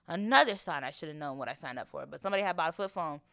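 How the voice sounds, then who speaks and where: A woman's voice: deep voice, racing, gravelly, dry recording. A young woman from Florida, hosting a podcast in a chatty, playful monologue. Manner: chatty, animated, playful, acts out voices. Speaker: podcast host. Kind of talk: casual chat monologue.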